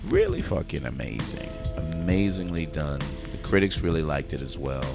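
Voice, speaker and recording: A man's voice: extremely low pitch, wildly swooping pitch, normal speed, gravelly, over loud music. A man hosting a casual movie review chat, enthusiastically retelling scenes and swearing freely.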